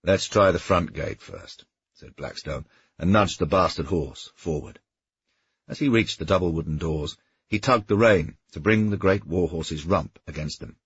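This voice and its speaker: A man narrating an audiobook in steady storytelling, with a husky voice. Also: deep voice, moderate pace, dry recording, muffled recording. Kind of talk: scripted narration.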